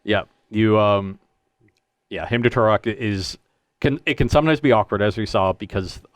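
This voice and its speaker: A man co-hosting a casual chat, talking in a measured, thoughtful, hesitant way. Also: fairly low pitch, dry recording. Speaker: co-host. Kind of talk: casual post-match chat.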